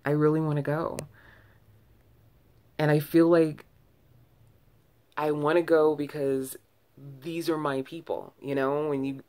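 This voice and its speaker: A woman's voice: low voice, level tone, a little slow, pauses often, warm tone. A woman vlogger talking to camera in a loose, candid ramble, full of restarts and self-corrections, with sighs between thoughts. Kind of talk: casual early-morning ramble to camera.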